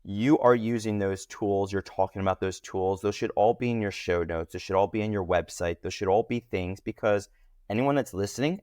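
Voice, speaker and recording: A man speaking as a podcast guest in a casual interview, talking animatedly with lively jumps in pitch. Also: no echo, clean studio sound.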